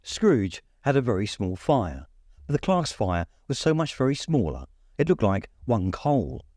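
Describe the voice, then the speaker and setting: A man reading a classic novella aloud as an expressive audiobook narrator. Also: mid-range voice, measured pace, no echo, clean studio sound. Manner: animated storyteller.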